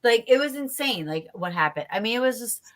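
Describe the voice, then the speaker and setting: A woman's voice: a little high, lively intonation, brisk. A woman co-hosting a casual chat show, telling a story bluntly and animatedly with plenty of swearing. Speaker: podcast co-host.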